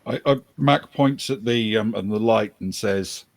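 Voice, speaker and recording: A man's voice: on the low side, unhurried, gravelly, no echo. Joking male tabletop player. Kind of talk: tabletop role-play chat.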